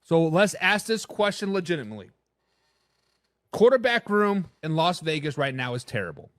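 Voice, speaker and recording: A man's voice: a little high, moderate pace, dry recording, studio quality. A man hosting a live sports talk stream, giving blunt opinions and answering viewers in the chat, sometimes tripping over his words. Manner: stumbles and repeats words when excited. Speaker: sports talk show host.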